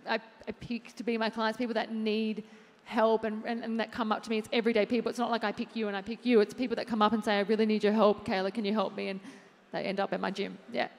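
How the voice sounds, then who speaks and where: Slightly high-voiced woman in a reverberant hall. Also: flat delivery, quick pace. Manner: chatty and unassuming, many fillers and "I guess". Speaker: fitness trainer, interview guest. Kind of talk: live on-stage interview talk to an audience. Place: large event hall with audience. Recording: long hall reverb from a live stage.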